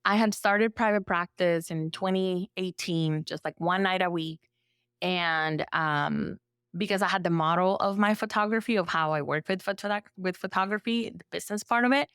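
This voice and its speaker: A woman therapist from El Salvador, speaking as a podcast guest in a relaxed storytelling way, full of "like" fillers and lively acted-out quotes. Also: on the low side, moderate pace, smooth, no room sound, clean studio sound. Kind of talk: conversational storytelling.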